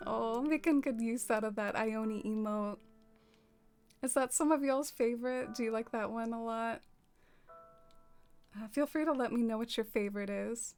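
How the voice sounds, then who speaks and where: A soft-spoken woman with a slightly high voice chats casually while streaming, talking straight to her viewers. Faint music plays behind her. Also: moderate pace, pauses often. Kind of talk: casual livestream chat.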